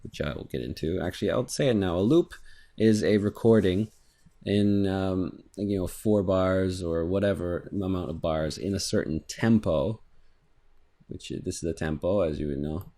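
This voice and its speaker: A man giving a casual, rambling software tutorial, thinking aloud as he clicks through and humming rhythms. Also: low voice, normal speed. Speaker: music production instructor. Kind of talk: screen-recorded software tutorial. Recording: faint electronic music underneath.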